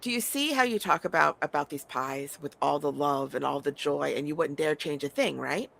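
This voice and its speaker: A middle-aged woman hosts a casual chat, her voice edged with fry and bright at the top while sitting fairly low. She talks bluntly, swears freely, stammers through repeated words and breaks into laughter often. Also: moderate pace. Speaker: podcast host.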